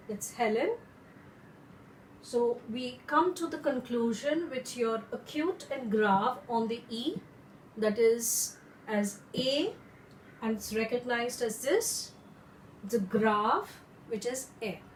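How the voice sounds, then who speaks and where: A woman French teacher who explains slowly and carefully and repeats her examples. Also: on the high side, slight background noise. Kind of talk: instructional lesson. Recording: echoey room.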